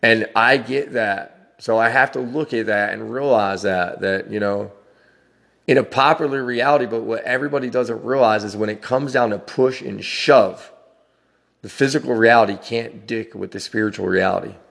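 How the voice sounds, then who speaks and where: A man's voice: fairly low pitch, normal speed, gravelly, fairly bright tone, long reverb tail. A man hosting a podcast, talking in a frank, profane, rambling personal monologue. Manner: frank and profane, with frequent laughs. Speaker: podcast host.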